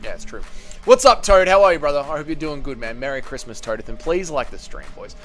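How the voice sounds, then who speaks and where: A man's voice: a little high, animated, a little fast, fairly bright tone. An Australian man hosting a casual livestream, chatty and swearing, greeting viewers by name. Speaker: livestream host. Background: faint music playing.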